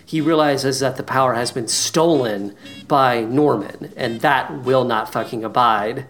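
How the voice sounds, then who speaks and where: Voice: mid-range voice, measured pace, faint music behind. A podcast co-host casually recapping a show, swearing often and ranting sarcastically. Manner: profane, sarcastic, animated ranting.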